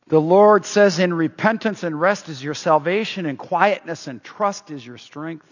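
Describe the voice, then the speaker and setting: A man preaching a sermon as pastor, animated, quoting scripture aloud. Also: on the high side, moderate pace, hardly any pauses, husky. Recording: roomy hall, dull lo-fi sound.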